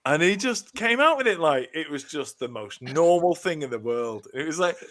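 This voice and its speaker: High, lively man chatting. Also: moderate pace. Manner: animated, laughing, quotes people in put-on voices. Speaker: podcast host. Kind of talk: casual chat.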